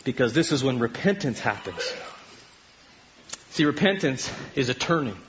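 A man's voice: mid-range voice, big pitch swings, moderate pace, a bit bright, dull audio, slight background noise. A middle-aged Canadian man preaching a sermon to his congregation in a conversational way, often asking them questions. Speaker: pastor.

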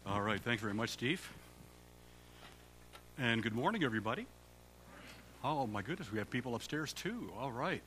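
A man's voice: medium pitch, sing-song, moderate pace, long pauses, a little hiss or hum. An older man from Canada, a guest preacher who opens his sermon by joking with the congregation. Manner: warm joking banter with the congregation. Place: church sanctuary.

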